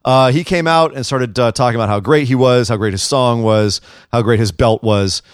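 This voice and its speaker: A young man co-hosting a wrestling podcast, chatty and quick to get excited as he runs through the week's shows. His voice sits at an ordinary middle pitch. He is close on the mic in a dry, dead-sounding room. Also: smooth, no echo. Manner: excitable, recaps with bursts of enthusiasm. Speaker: podcast co-host. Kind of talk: casual wrestling chat. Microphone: headphones and studio mic.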